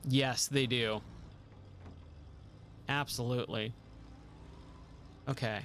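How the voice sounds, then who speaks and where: A man's voice: medium pitch, fairly even intonation, takes it slowly, fairly bright tone, slight background noise. A man streaming a driving game live, talking through his moves with a self-mocking, exasperated commentary and pleading with the game.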